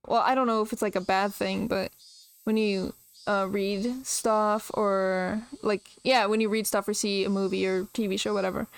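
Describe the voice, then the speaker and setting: A woman's voice: mid-range voice, clean tone. A young woman streamer chatting casually and emotionally while reading a visual novel aloud, rambling with lots of "like".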